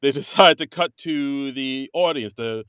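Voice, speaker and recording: A man's voice: medium pitch, fairly bright tone, clear, resonant tone, dry recording. Guy rambling on a podcast call, dry sound, lots of likes and ums. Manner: rambling, halting, lots of fillers. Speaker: podcast co-host. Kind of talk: casual chat reviewing a comedy show. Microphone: remote call recording.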